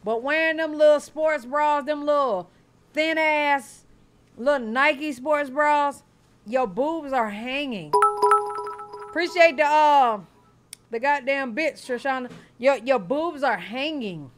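A woman's voice: high voice, takes it slowly, slight background noise. A woman hosting a reaction video, talking bluntly and jokingly with profanity. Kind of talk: casual reaction commentary.

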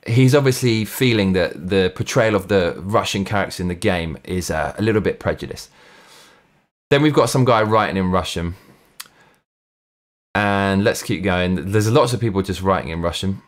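A man's voice: low voice, normal speed. A man hosting his own show, giving a blunt, profane, sarcastic rant. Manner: mock Russian accent when reading reviews aloud. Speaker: host. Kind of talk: ranting commentary.

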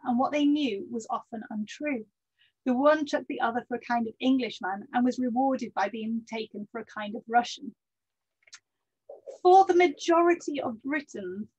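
A woman's voice: on the high side, a little mellow, slightly rough, dull audio. A woman researcher giving a history lecture, hesitant with many ums and self-corrections, and dropping wry asides.

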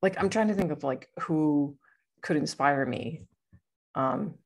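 Hosting a podcast, a woman chats casually, wandering from point to point in a playful way and laughing often. Her voice is low and a little slow.

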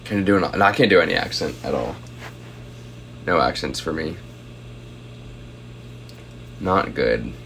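A man's voice: deep voice, expressive, a little slow, pauses often, a bit bright, a little hiss or hum. A young man chatting casually on a phone livestream at home, reading out viewer comments and thanking them for gifts.

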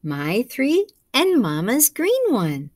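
An excitable grown-up duck aunt, played by a woman reading aloud, talks in a bright, animated way. Her voice swoops up and down as she speaks slowly. The recording is close and dry. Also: on the high side, no room sound, pitched above the performer's own voice, heavily acted. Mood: excited.

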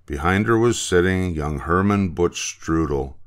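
Older guy reading a kids' book out loud, slow, lots of ups and downs in his voice. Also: sits low. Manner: expressive, unhurried. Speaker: storybook reader. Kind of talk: reading a picture book aloud.

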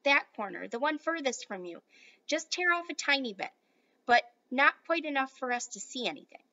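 An eager, polite young boy, as a woman reading aloud puts him on, earnest and hushed. The voice is high and bright, and the storybook recording sounds slightly muffled and lo-fi. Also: animated, normal speed, exaggerated voice.

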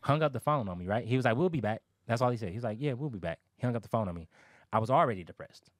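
A man's voice: medium pitch, expressive, racing, no echo. A man in his thirties telling his life story in a casual interview, candid and emphatic, swearing freely.

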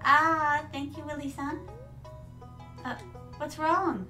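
A woman's voice: on the high side, lively intonation, takes it slowly, sharp tone, recorded from a distance, faint music behind. A woman streaming a farming game, chatting casually and calling her viewers darlings. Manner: chatty, reads game lines aloud, addresses chat as darlings. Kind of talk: casual gameplay chat.

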